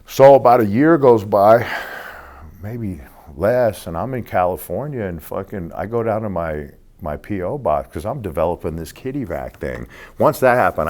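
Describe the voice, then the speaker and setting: A man's voice: extremely low pitch, a little mellow. A man in his sixties telling street stories in a casual, profane way as an interview guest, acting out the people in them. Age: 60s. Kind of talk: casual storytelling.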